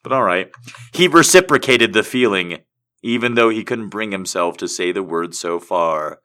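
Man with a sharp, bright voice. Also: on the low side, moderate pace. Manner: crude, profane, excitable asides. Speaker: host reading fan fiction aloud. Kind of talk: comic reading with commentary.

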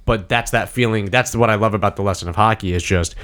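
A young man in casual chat, excitably retelling a film scene with swearing and quick asides. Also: lowish voice. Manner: excited, swearing, acts out movie quotes.

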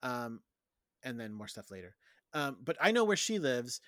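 A man co-hosting a casual podcast, recapping a film and acting out the characters' lines in quick voices. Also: mid-range voice, sing-song, bright, forceful tone, no echo, studio quality. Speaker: podcast co-host. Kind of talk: casual movie recap chat.

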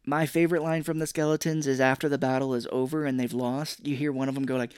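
A man in casual podcast chat, walking through a movie's scenes with lively retelling and snap impressions of the characters. His voice sits at an ordinary pitch for a man. The sound is dry and close, with no room around it. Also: clean tone, no room sound. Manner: animated retelling with quick voiced impressions and laughs. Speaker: podcast co-host.

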